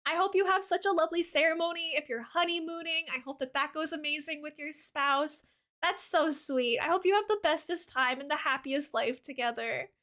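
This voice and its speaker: A woman streaming a game talks to her viewers at a fairly quick clip, her high voice bright and bubbly. She giggles and keeps saying "like," staying casual and gushing warmly at her chat.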